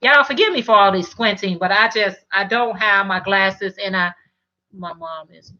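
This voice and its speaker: A woman's voice: medium pitch, normal speed, bright, forceful tone, muffled recording. A middle-aged woman hosting a casual live stream, chatting and reading viewer comments, often restarting and repeating words.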